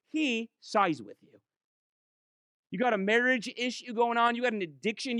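Guy preaching a sermon, fired up, speeds up then drags words out slow, dry mic no room. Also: sits high, fairly bright tone, dry recording. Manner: impassioned, shifts between fast urging and slow drawn-out emphasis. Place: church.

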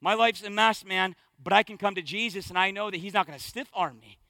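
A male pastor preaching with a strikingly high, bright voice that stays crisp and close. His delivery is impassioned and conversational, sliding from near-hushed lines to loud bursts. The sound is dry, with no room around it. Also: fairly quick, no echo. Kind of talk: sermon.

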